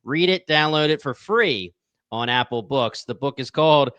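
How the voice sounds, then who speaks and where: A man hosting a TV review podcast with a smooth, resonant voice. He talks with energy and turns to his listeners to plug episodes. The sound is dry and close. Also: mid-range voice, expressive, normal speed, a bit bright, no room sound, highs cut off. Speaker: podcast host. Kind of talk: casual podcast chat.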